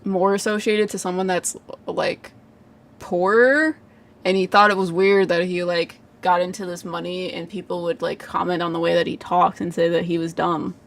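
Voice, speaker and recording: A woman's voice: lowish voice, fairly even intonation, normal speed. A woman giving live psychic readings in a casual livestream chat, full of "like" fillers, frequent laughs and casual swearing.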